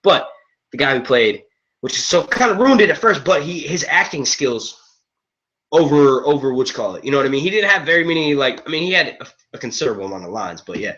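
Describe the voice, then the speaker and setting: A man's voice: fairly high pitch, sing-song, fast, fairly bright tone. Rambling, profane young-sounding man streamer. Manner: rambling, profane, casual, says "yo" a lot. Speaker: host of a movie and TV review stream. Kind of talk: live-stream chat with viewers. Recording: dull lo-fi stream audio.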